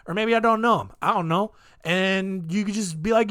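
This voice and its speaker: A man's voice: high voice, expressive, fast, hardly any pauses, fairly bright tone. Rambling, wry male podcast host. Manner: rambling, with many fillers, wry and offhand. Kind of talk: casual solo podcast storytelling.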